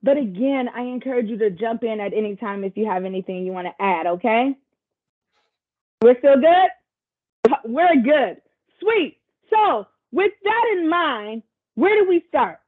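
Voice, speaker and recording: A woman's voice: a little high, lively intonation, a little slow. A woman presenter facilitating a virtual workshop over a video call, chatty and encouraging, with casual asides to the group. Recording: tinny video call audio.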